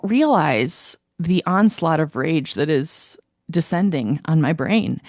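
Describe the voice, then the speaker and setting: A woman's voice: low-pitched, slow, no echo, studio quality. A woman co-hosting a podcast in casual chat, telling stories animatedly, laughing often and acting out what people said. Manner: animated storyteller, laughs often, acts out quotes. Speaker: podcast co-host.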